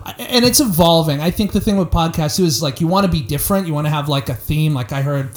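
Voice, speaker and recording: A man's voice: on the high side, fast. A man in his thirties, a stand-up comic, chatting on a podcast in a rambling, self-deprecating way and swearing a lot. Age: 30s. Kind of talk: casual podcast chat.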